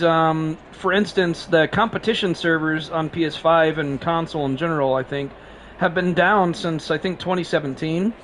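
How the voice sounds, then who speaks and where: A man's voice: on the high side, fairly bright tone, a little hiss or hum. A man streaming a racing game live, chatting casually and rambling with frequent laughs, sleep-deprived and coughing.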